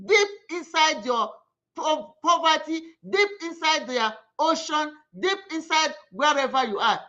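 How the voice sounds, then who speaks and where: A woman delivering an impassioned political monologue, fiery and repetitive, rising to shouts. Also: sits high, muffled recording. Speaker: political commentator.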